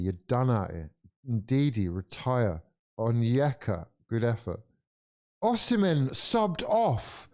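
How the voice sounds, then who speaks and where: A young English man streaming a football watch-along, swearing freely and swinging between weary groans and loud outbursts of disbelief. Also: fairly low pitch. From England. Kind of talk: live football reaction commentary.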